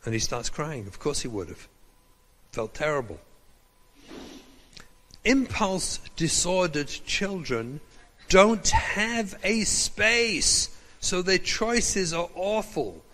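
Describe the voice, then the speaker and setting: A man's voice: a little high, slow pace, long pauses, big-room sound. A man, a rabbi, giving a lecture and telling stories, acting out the dialogue in them. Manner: animated, acts out dialogue from his stories. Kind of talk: lecture with storytelling.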